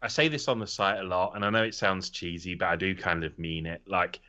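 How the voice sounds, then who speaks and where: Low, bright-voiced rambling man. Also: brisk. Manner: rambling, swears freely, animated. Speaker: podcast co-host. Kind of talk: casual chat. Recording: slightly dull lo-fi audio.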